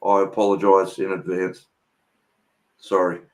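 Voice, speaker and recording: A man's voice: deep voice, flat delivery, a little slow, a little mellow, poor audio. An Australian man hosting a casual chat, telling stories bluntly and swearing freely. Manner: swears freely, brash storytelling.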